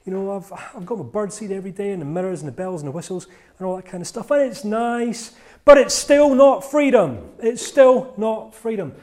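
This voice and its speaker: A man voicing a male pet bird torn between the freedom of the wild and the comfort of his cage, in a high, excited, sing-song voice. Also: racing, lightly acted. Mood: wistful.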